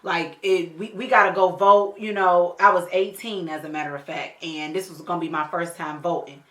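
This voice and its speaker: A woman's voice: lowish voice, fairly even intonation, moderate pace, a bit bright. A woman beauty vlogger telling a personal story in a casual, slangy, profane way while doing her makeup, often checking in with the viewer. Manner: talks straight to the viewer with frequent check-ins. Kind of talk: storytelling during a makeup tutorial. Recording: echoey room.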